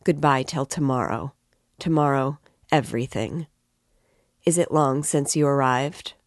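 A woman's voice: very deep voice, unhurried, no room sound, clean studio sound. A woman voicing a feverish, irritable young man who speaks in a broken voice.

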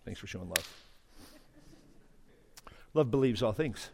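A middle-aged male pastor preaching a sermon to his church, with humorous, animated storytelling and teasing of the congregation, recorded on a stage mic. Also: lowish voice, a little slow, creaky, slightly rough. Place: church sanctuary. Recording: reverberant church hall.

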